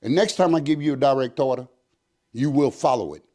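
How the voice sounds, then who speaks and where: A man's voice: mid-range voice, brisk. An older man, a retired prison captain, telling a story in an interview and acting out the voices of the people in it. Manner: animated storyteller acting out dialogue in quoted voices.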